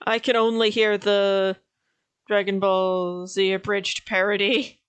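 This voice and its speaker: Slow-talking woman streamer, laughing often. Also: mid-range voice, clean tone, dry recording. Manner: laughs often, relaxed and chatty. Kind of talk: casual stream chat.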